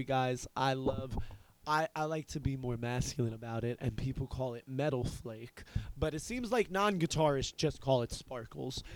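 A man's voice: medium pitch, a little mellow, no echo. A man in his thirties hosting a podcast, telling a rambling, profane story in casual chat. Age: 30s. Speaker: podcast host.

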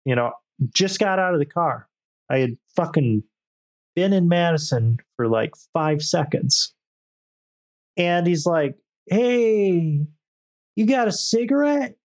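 A young man tells a story in casual, profane podcast chat. His voice sits a little high, and he slips into quick impressions of the people he quotes. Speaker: podcast co-host.

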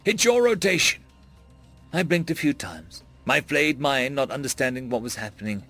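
A male narrator telling a tense first-person story with a lively, rising and falling delivery. His voice stays mid-pitched and he jumps much higher for frantic quoted lines. Faint music plays behind him. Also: moderate pace, gravelly. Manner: voices characters' panicked shouts with big pitch jumps.

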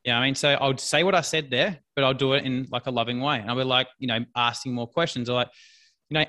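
A man's voice: mid-range voice, quick pace, pushed and bright. A man, a business coach, talking bluntly and emphatically in a casual interview, repeating his key points.

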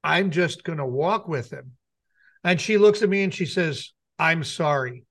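A man's voice: sits high, expressive, moderate pace, gravelly. A middle-aged man co-hosting a talk show, telling a rambling personal story and acting out what people said. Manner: rambling anecdote with acted-out quotes. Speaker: radio show co-host. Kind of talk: casual storytelling chat.

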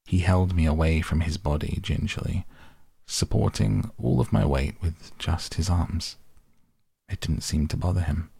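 A man reading an audiobook in a measured, steady way. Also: deep voice, vocal fry, husky, no room sound, studio quality. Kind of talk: audiobook narration.

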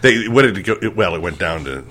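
A man co-hosting a radio show, tossing in quick deadpan quips in casual banter. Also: low-pitched.

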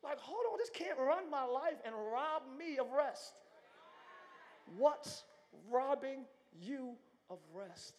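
A male pastor preaching a live sermon in a large church, moving from hushed talk to shouting. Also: very high-pitched, expressive, slow pace. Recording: long church hall reverb.

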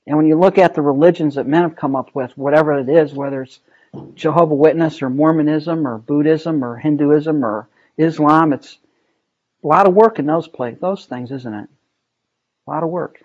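Guiding a relaxed Bible study, a man chats his way through the passage and keeps asking the group questions, filling his speech with ums and rights. The lo-fi recording carries his somewhat high, slightly mellow voice.

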